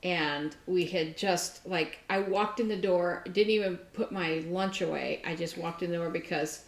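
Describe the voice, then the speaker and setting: A woman co-hosting a casual crafting chat, telling a workplace story with lively asides and self-mocking laughter. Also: on the low side, measured pace. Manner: animated storyteller, laughs at herself. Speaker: podcast co-host. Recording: roomy echo.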